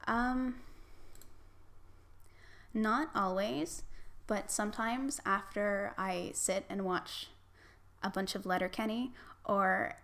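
A young Canadian woman with a Canadian accent, chatting in a casual vlog in a relaxed, self-deprecating way. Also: mid-range voice, slow, vocal fry. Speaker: vlogger. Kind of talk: casual accent-challenge vlog with a book reading.

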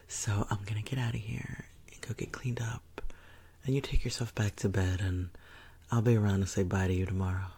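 Breathy, gravelly woman voicing a teasing seductress. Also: very deep voice, steady tone, brisk, warm tone, full character voice. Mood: smug. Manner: teasing, commanding, slips into breathy whispers. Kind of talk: whispered role-play.

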